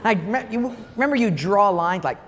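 An older pastor with a fairly high voice preaches with lively, laughing storytelling. His words carry a long reverb, as from a large hall. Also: moderate pace, background noise. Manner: animated storyteller, laughing through anecdotes. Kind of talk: sermon with comic storytelling.

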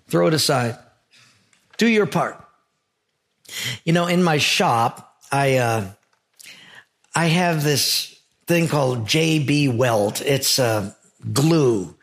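A pastor preaching in a gravelly, slightly high voice. He is earnest and emphatic, leaning on stories and repetition to press his message. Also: slow pace, long pauses, fairly bright tone. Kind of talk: sermon.

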